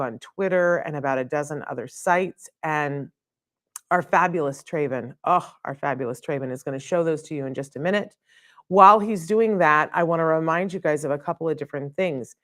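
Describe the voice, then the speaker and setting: A middle-aged woman hosting a live studio show, chatty and effusive, with fillers and quick laughs. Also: sits low, a bit bright, no room sound. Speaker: host. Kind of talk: live show opening monologue.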